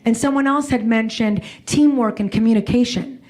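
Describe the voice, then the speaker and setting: A woman's voice: fairly high pitch, normal speed, darkish tone. A woman in her forties giving a personal, emotional talk to an audience, often restarting and repeating her words. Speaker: keynote speaker. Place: event hall before an audience.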